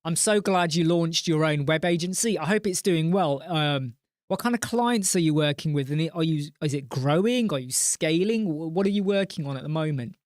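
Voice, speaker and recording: A man's voice: fairly high pitch, animated, normal speed, no room sound, studio quality. A man hosting a live chat stream, speaking passionately, ranting and swearing. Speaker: host.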